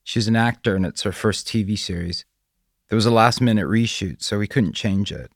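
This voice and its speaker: A man's voice: lowish voice, moderate pace, gravelly, no echo, pitched above the performer's own voice. A man voicing a frazzled, defensive father, close to his own voice.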